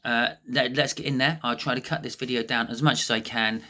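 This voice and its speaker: A man's voice: medium pitch, fairly even intonation, fairly quick, bright, forceful tone. A man hosting his home cooking channel, chatting to camera in a nervous, rambling way with lots of false starts, from his living room. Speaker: cooking and prepping channel host. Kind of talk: casual to-camera chat.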